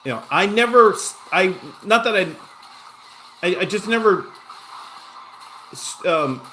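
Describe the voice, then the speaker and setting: A man's voice: high voice, lively intonation, measured pace, sharp tone, slight background noise. A man telling a long personal story in a casual, rambling way while he plays a game, with lots of restarts, asides and self-mocking jokes. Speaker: gaming streamer.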